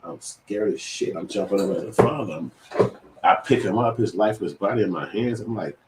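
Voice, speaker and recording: A man's voice: fairly low pitch, brisk, roomy sound, recorded from a distance, heavy background noise. A middle-aged man telling a personal story in a loose, profane, rambling way, full of restarts. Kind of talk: casual storytelling.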